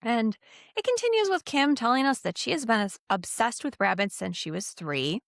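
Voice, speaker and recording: A woman's voice: a little high, lively intonation, moderate pace, gravelly, fairly bright tone, dry recording, studio quality. A woman co-hosting a podcast, recapping a story in casual chat with frequent laughs and fillers. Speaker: podcast co-host.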